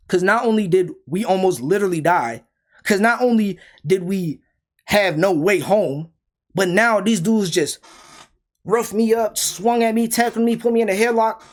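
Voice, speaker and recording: A young man with a high-pitched voice, speaking, rants through a storytime in a casual way. He is heated and emphatic and keeps firing off rhetorical questions. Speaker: storyteller vlogger.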